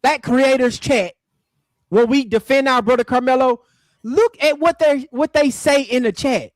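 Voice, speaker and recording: A man's voice: extremely high pitch, measured pace, no echo, poor audio. A man hosting a live reaction stream, talking casually and mocking the clip he answers. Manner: mocking, talks back at the clip. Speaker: livestream host.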